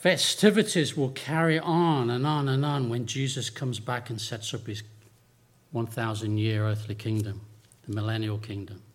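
A man's voice: mid-range voice, fairly even intonation, moderate pace. A male preacher delivering a sermon in an easy, conversational way. He breaks off for humorous asides and then returns to his teaching.

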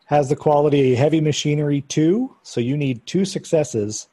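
A man narrating a tabletop game as game master, calmly describing scenes and patiently explaining rules. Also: on the high side, normal speed, slightly rough.

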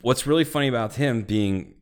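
A man's voice: medium pitch, fairly quick, clear, resonant tone. A man co-hosting a casual podcast, telling rambling, profane stories and slipping into quoted voices. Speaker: podcast co-host. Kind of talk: casual chat.

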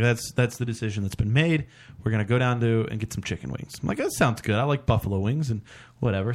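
Man telling a rambling, profane story. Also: mid-range voice. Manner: rambling, profane, acts out quotes. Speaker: podcast co-host. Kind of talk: casual storytelling chat.

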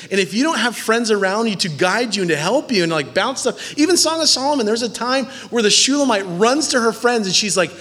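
In a large church hall full of long reverb, a young pastor in his twenties jokes and chats through his sermon. His very high-pitched, fairly bright voice is expressive and moves at a moderate pace.

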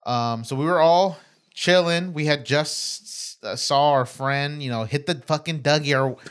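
A man's voice: a little high, measured pace, clear, resonant tone. A man casually telling a rambling bar story on a podcast, swearing freely and laughing as he goes.

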